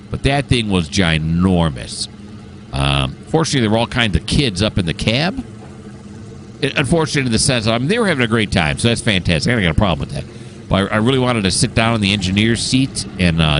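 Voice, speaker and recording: Deep-voiced man chatting over gameplay. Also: a little hiss or hum. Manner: rambling, enthusiastic, many filler sounds. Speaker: train simulator gameplay host. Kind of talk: casual gameplay commentary.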